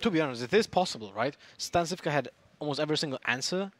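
A man's voice: on the high side, animated, quick pace, fairly bright tone. A man with an Eastern European accent giving analytical, sometimes hesitant commentary on a card game match. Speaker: esports caster.

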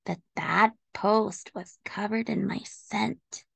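A woman voicing a moody, pampered house cat in a slow storybook reading. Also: medium pitch, gravelly, slightly rough, no echo, full character voice. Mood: gentle. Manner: slow, gentle read-aloud delivery.

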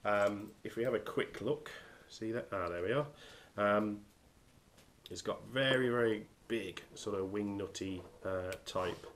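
Man from the UK, very low voice, stuffy nasal cold, casual halting gear review, faint hiss behind. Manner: hesitant, many ums and restarts.

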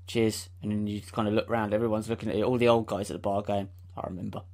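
A man's voice: fairly low pitch, flat delivery, fast, dark tone. Chill guy cohosting a podcast, dry jokes, giggles a lot. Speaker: podcast co-host. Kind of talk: casual banter.

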